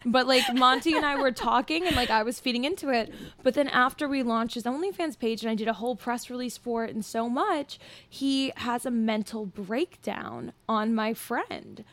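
Chatty young woman, higher voice. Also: moderate pace, a bit bright. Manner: chatty, filler-heavy storytelling. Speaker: podcast guest. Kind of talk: casual chat.

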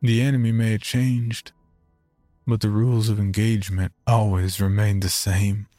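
Man, narrator, low voice, measured and reflective, faint music behind. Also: flat delivery, warm tone. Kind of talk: scripted first-person narration.

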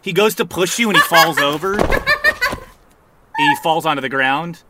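A man's voice: fairly high pitch, expressive, moderate pace, heavy background noise. A man narrating as game master in a casual, rambling way with fillers.

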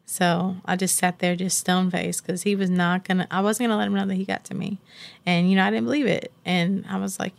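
A woman's voice: lowish voice, level tone, brisk, vocal fry. A woman in her thirties, a guest in an interview, talking candidly and reflectively, with faith and conviction.

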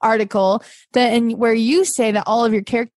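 A woman with a somewhat high voice asks wry, probing questions as co-host of a comedy show. The sound is close and dry, with no room in it. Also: fairly even intonation, brisk, darkish tone, no room sound. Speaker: podcast co-host. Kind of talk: improvised comedy interview.

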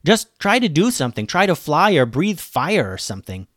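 Man playing excited young girl, high-pitched, bouncy, dry sound. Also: normal speed, no room sound.

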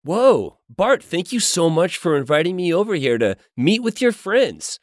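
A man's voice: big pitch swings, no echo, clean studio sound. A man doing a slick, charming pastor guru. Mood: smarmy. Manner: oily, overly friendly, drawn-out pitchman delivery. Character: smooth-talking charismatic male self-help pastor. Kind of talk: improvised comedy role-play.

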